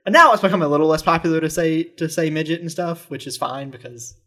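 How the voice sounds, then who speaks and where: A young man from the South, chatting on a podcast in an animated, laughing, exasperated way. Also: on the high side, fast. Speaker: podcast co-host. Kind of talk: casual chat.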